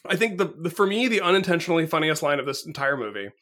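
American man, podcast host, talkative, laughs a lot, somewhat high pitch. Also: animated, racing, pushed and bright. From United States. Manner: chatty, laughs often, lots of fillers. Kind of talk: casual chat.

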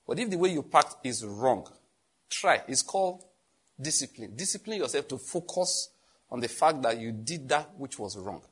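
A man's voice: fairly high pitch, breathy edge. A middle-aged man preaching a sermon, telling stories and acting out the people in them. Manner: animated storytelling, acts out quoted exchanges. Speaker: pastor.

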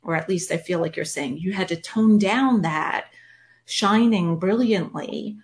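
Chatty woman host with a lower voice who laughs easily and gropes for words. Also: unhurried. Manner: animated, chatty, laughs often, searches for words. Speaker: podcast host. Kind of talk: podcast interview chat.

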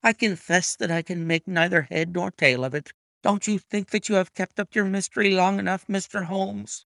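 A man's voice: sits high, fairly even intonation, moderate pace, gravelly, sharp tone, no echo, clean studio sound, pitched above the performer's own voice, heavily acted. A man voicing an angry, agitated old racehorse-owning colonel who blusters indignantly. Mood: astonished.

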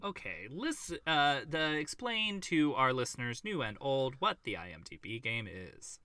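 A man's voice: medium pitch, sing-song, moderate pace, sharp tone, smooth. A man co-hosting a casual film podcast, wry and teasing. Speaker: podcast co-host.

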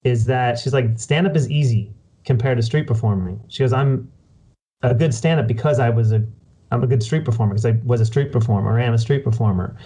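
A man hosting a casual interview, talking in a relaxed, reflective way. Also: mid-range voice, a little fast, slightly rough. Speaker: podcast host.

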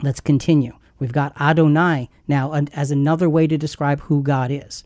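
A man's voice: a little high, steady tone, moderate pace, darkish tone, no echo. A man teaching about a Bible passage in an emphatic way, repeating words as he builds his point. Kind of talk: Christian teaching podcast.

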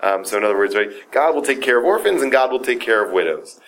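A man's voice: mid-range voice, fast. A man teaching a Talmud story in an informal class, talking casually with many fillers and "right?" checks, and acting out the quoted speakers. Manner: lively, acts out the quoted speakers.

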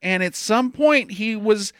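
A man's voice: high-pitched, lively intonation, slow, fairly bright tone, clean tone, no echo, clean studio sound. A man chatting casually as a podcast co-host, laughing often and mocking a film in silly voices. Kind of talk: casual movie-riffing chat.

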